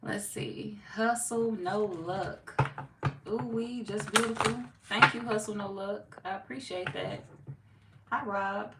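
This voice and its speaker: A woman's voice: medium pitch, steady tone, slow. A woman chatting casually as a tarot reader, laid-back and talkative as she reads viewer comments aloud. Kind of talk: casual live-stream chat. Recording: echoey room, mic far off, noisy.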